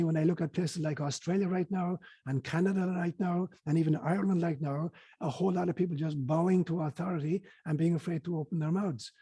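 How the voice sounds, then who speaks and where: Male guest, earnest storyteller, husky and a bit high. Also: warm tone. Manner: earnest, hesitant fillers, storytelling. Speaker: guest speaker on spirituality. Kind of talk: reflective storytelling interview.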